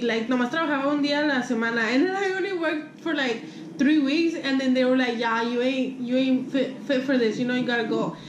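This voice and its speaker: A young woman vlogger with a voice that sits high tells a casual storytime in an echoey room, on lo-fi audio with a little hiss or hum. She swears freely, switches between English and Spanish, and animatedly acts out what people said in quoted dialogue.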